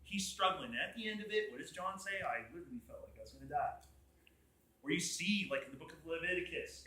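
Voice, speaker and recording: A young man leads a college Bible group in a casual, animated talk, acting out quotes and firing questions at the room. His voice sits high and bright, and the room around him rings with echo. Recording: echoey room.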